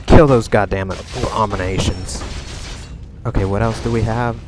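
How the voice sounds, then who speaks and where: A man's voice: fairly low pitch, fairly even intonation, moderate pace. A man commentating his own strategy game as he plays, swearing and panicking as his base comes under attack. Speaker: gamer. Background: game music and battle sounds.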